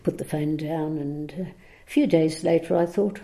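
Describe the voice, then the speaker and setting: A woman's voice: low-pitched, steady tone, moderate pace, warm tone. A woman telling a long anecdote on a recorded program, chatty, with frequent laughs, ums and restarts. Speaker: guest storyteller.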